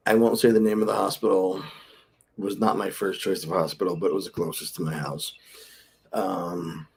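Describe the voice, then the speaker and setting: A man's voice: sits low, gravelly, darkish tone, slight background noise. A middle-aged man telling a story casually to camera, blunt and candid, mixing in quoted dialogue and the odd swear word. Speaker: vlogger.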